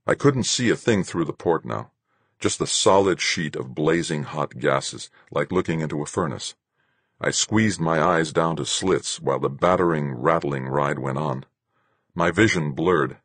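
A man with an extremely deep voice narrates a novel in a steady, measured way. His tone has a husky, grainy edge. The recording is close and completely dry, with no room echo. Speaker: audiobook narrator. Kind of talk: first-person novel narration.

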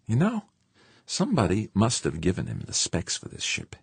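A man's voice: lowish voice, wildly swooping pitch, normal speed, creaky, slightly rough, no room sound, pitched above the performer's own voice, heavily acted. A man voicing a weary, profane male spacer who swears bluntly and insists on his point, read as an audiobook character. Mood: agitated.

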